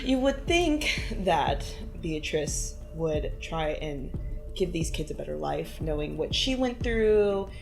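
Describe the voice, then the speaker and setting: A woman's voice: low-pitched, very animated, slow pace, creaky, over music. A woman co-hosting a true-crime podcast, reacting bluntly and swearing often in casual chat. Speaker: podcast co-host.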